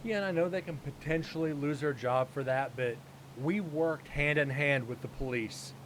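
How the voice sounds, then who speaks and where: A man's voice: fairly high pitch, normal speed, a bit bright, slight background noise. A man hosting a live stream, casually telling a story and acting out both sides of the dialogue.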